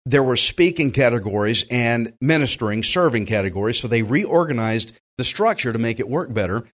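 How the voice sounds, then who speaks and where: A pastor with a Southern US accent preaches a sermon in a mid-range voice at a brisk pace. He's folksy and animated, acting out the voices of the people he quotes.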